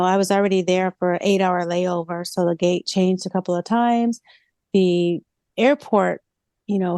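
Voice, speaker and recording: A woman's voice: lowish voice, clean tone, dry recording. A woman co-hosting a casual podcast chat, telling stories animatedly and acting out quoted lines. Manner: animated storytelling with acted-out quotes. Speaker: co-host.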